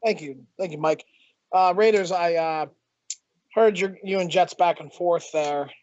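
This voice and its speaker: A man's voice: high-pitched, unhurried, a little mellow. A man doing casual play-by-play commentary for an online hockey league, upbeat and stumbling over repeated words. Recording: dull lo-fi stream audio.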